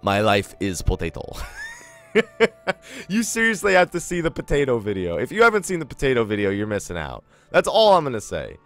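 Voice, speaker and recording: A man's voice: medium pitch, huge pitch swings, fast talker, soft background music. A man giving casual let's play commentary, chatty and rambling, laughing often. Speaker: gaming YouTuber.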